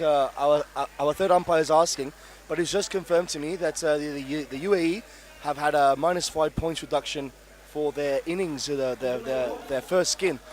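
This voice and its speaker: A man co-commentates a live match, putting questions to his partner and filling pauses with "uh". His voice is a little high for a man. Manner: questioning, hesitant with fillers.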